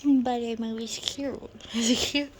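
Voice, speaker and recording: A woman's voice: fairly high pitch, fairly even intonation, a little slow, a little hiss or hum, poor audio. A woman chatting to her camera in a casual vlog, self-mocking and laughing often. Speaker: vlogger.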